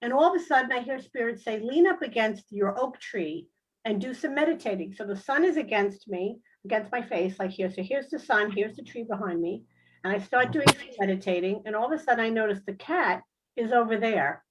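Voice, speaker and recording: A woman, a guest and animal rescuer, telling a comic story on a video call in an animated, lively way, with big jumps in pitch. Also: fairly quick, low-quality recording. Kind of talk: casual storytelling on a talk show.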